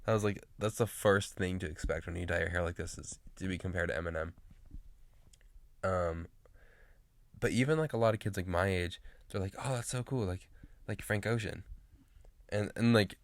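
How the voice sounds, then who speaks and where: Rambling low-voiced teen guy vlogging. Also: normal speed, dry recording. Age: late teens. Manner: rambling, full of fillers and restarts. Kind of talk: casual rambling chat to camera.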